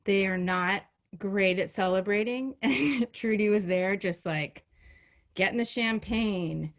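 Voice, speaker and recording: A woman in her fifties gives a birthday toast over a video call, her voice choked up with emotion. She talks haltingly, with many ums and restarts. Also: mid-range voice. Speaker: friend giving a birthday toast.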